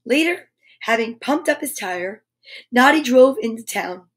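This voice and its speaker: A woman hosting a children's show, reading a storybook aloud with animated narration and whispered asides. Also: fairly high pitch, a little slow. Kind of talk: storybook read-aloud for kids.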